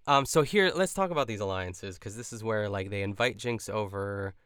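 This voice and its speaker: A man's voice: fairly low pitch, normal speed, a bit bright, clean tone, no room sound, studio quality. A young man co-hosting a podcast, recapping an episode in casual, chatty talk full of fillers and quoted lines. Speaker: podcast co-host.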